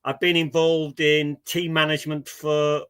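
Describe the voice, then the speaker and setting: A man's voice: a little high, little pitch movement, measured pace, fairly bright tone, clear, resonant tone. An older man with a Welsh accent, a guest coach talking plainly in a casual podcast interview. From Wales.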